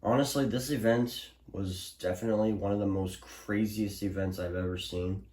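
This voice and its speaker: A man's voice: on the low side, steady tone, moderate pace, darkish tone. A young man recapping a storm to his viewers in a casual, rambling way, full of restarts and fillers. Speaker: weather alert vlogger. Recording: roomy echo.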